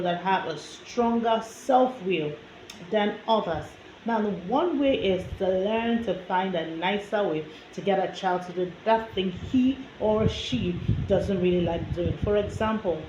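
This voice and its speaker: A fairly low-voiced woman explaining parenting methods in a chatty teaching manner, often stopping to say "you know." She is recorded in a roomy space with a muffled, dull sound. A steady hiss sits behind her voice. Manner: conversational, many "you know" fillers and direct address. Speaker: parenting instructor. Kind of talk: lecture-style teaching. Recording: echoey, muffled, noisy room recording.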